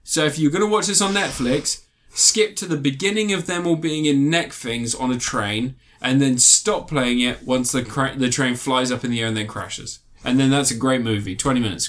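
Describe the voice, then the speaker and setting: A man's voice: medium pitch, fairly bright tone. A man animatedly recapping a film in casual chat, swearing and laughing often.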